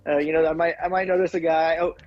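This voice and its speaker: A man's voice: fairly high pitch, flat delivery, fast, no echo, muffled recording, faint music behind. A man co-hosting a casual chat, talking hesitantly with many fillers and laughing often. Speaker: co-host.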